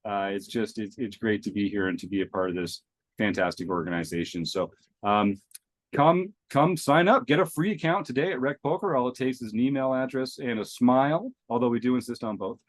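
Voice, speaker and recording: A man's voice: mid-range voice, brisk, no echo. A man hosting a poker podcast, opening the show with enthusiastic thanks and sponsor reads, chatty with fillers. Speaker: podcast host.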